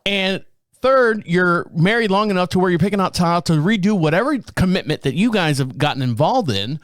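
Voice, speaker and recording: Chuckling, animated male podcast host. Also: high voice, fairly quick, no room sound. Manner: animated, chuckling, acts out quotes. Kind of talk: casual storytelling.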